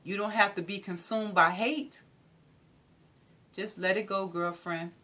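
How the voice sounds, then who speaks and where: A woman giving an inspirational talk in an animated, preacherly way, repeating phrases for emphasis. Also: mid-range voice, a little slow. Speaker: motivational speaker.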